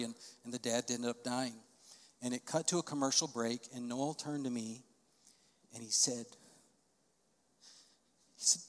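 Storytelling male pastor in a reverberant hall. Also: medium pitch. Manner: storytelling, swells to emphatic loud peaks. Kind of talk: sermon. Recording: long reverb of a large hall.

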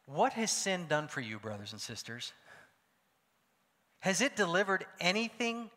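A male pastor preaching a sermon, swinging from loud calls to hushed asides. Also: sits high, sing-song, a little slow. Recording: long hall reverb.

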